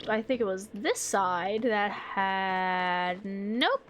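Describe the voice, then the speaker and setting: A woman streaming a video game, chatting casually, reading menu items aloud, getting excited and swearing freely. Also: medium pitch, drawn-out words, background noise.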